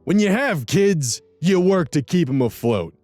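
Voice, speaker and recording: A man doing a pushy, drawn-out uncle. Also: a little high, very animated, darkish tone, no echo, soft background music, voice pushed up. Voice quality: slow, drawn-out put-on accent. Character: pushy middle-aged male uncle, accented.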